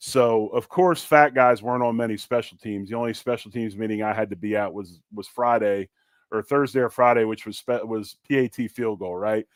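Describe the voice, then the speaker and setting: A man's voice: on the low side, steady tone, normal speed, no room sound. A middle-aged man who once played on the line, hosting a casual sports podcast, plugging the show and then trading locker-room memories. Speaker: podcast host and former lineman.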